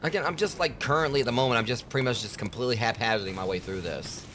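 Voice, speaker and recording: A man's voice: medium pitch, rapid-fire, fairly bright tone, a little hiss or hum. A man streaming a game, trash-talking enemies and commenting casually as he plays. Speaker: gaming streamer.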